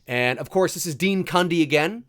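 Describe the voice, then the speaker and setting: A man's voice: a little high, normal speed, a bit bright. A man hosting a live movie commentary stream, chatting casually and reading viewer comments aloud. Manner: casual, chatty, restarts and fillers, reads chat aloud.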